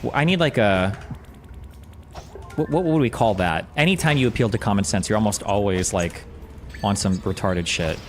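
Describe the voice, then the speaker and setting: A man's voice: lowish voice, moderate pace, pauses often, faint music behind. A man streaming commentary on a debate, talking in a rambling, self-deprecating and profane way. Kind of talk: casual commentary while gaming.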